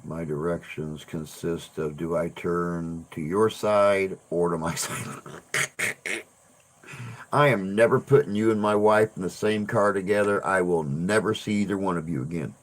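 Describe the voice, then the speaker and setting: A man with a low-sitting voice speaks a little slowly as he hosts a casual livestream. His talk wanders, with repeated words, restarted sentences and a curse here and there.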